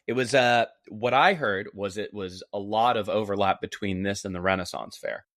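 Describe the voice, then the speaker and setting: A man's voice: fairly low pitch, moderate pace, fairly bright tone, dry recording. A man from Texas co-hosting a casual podcast, telling stories with dry, self-mocking humor. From Galveston, Texas. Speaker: podcast co-host.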